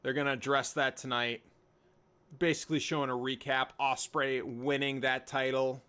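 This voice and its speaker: A man's voice: mid-range voice, little pitch movement, moderate pace, pushed and bright, clear, resonant tone. A young man hosting a live wrestling watch-along, rambling and joking while he reads and answers chat by name. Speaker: livestream host reacting to wrestling.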